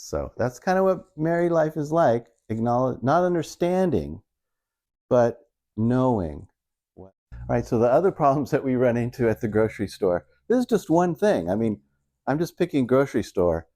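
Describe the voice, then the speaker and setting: Mellow-voiced man telling stand-up stories. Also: mid-range voice, normal speed. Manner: rambling, self-mocking, animated retelling. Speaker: stand-up comedian. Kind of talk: casual stand-up storytelling.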